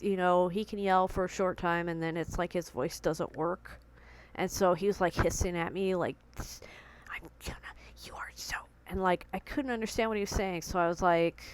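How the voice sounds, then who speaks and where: This is a fairly low, smooth female voice captured on a low-quality recording. In a personal vlog filmed at home, a young woman tells the story of a tense confrontation with earnest emotion and quoted lines, her heart still pounding from the shock.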